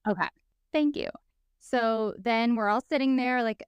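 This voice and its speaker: A woman's voice: a little high, unhurried, clean tone, dry recording, highs cut off. A woman co-hosting a podcast, telling a story in casual chat and acting out the people she quotes. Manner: animated, acts out quoted people. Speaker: podcast co-host.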